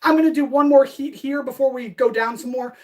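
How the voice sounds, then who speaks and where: Breathless high-voiced woman forging at a distance. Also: fairly quick. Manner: upbeat and chatty, greets viewers in chat. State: out of breath from hammering. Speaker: blacksmith streamer. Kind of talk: casual live-stream narration while forging. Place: blacksmith forge workshop. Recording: distant mic with loud forge noise.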